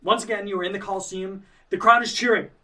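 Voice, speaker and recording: A man's voice: high-pitched, steady tone, quick pace, pushed and bright, distant mic. A man narrating a tabletop game as game master, in a loose, chatty way full of fillers.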